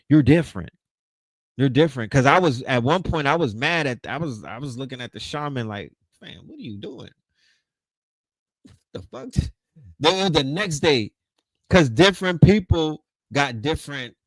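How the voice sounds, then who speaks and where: A man in giving a casual storytelling lecture over a video call, animated and profane, with street slang and frequent repeats. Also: a little high, no echo, poor audio. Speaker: lecture host.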